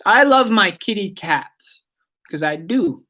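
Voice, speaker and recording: Slow-talking woman teaching vocabulary. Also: lowish voice, animated, pushed and bright. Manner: chatty, digressive, repeats words slowly for learners. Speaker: language teacher on radio. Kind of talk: casual spoken language lesson.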